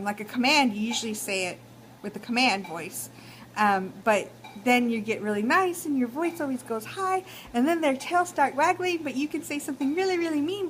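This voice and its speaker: A woman's voice: fairly high pitch, a little hiss or hum, low-quality recording. A young woman with a Texan accent giving casual advice in a vlog, talking chattily with many fillers. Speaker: vlogger.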